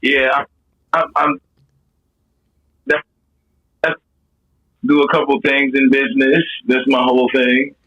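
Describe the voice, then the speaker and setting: A man's voice: medium pitch, animated, a little slow, long pauses, pushed and bright, dull audio. A man joking around on a casual podcast, slangy, often restarting his sentences.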